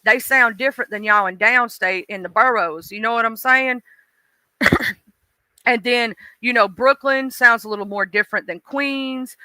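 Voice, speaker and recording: A woman's voice: a little high, moderate pace, pushed and bright, a little hiss or hum. A woman with a mixed Southern accent, chatting casually on a live stream and talking straight to her viewers in a folksy way.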